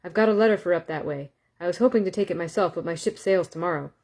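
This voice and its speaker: A crafty young man in disguise, pushing a deal with wheedling salesman's patter in a storybook, as a woman reader puts him on. The voice stays low and easy. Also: quick pace, a little mellow. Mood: sly wheedling. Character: young male hero in disguise, sly and persuasive.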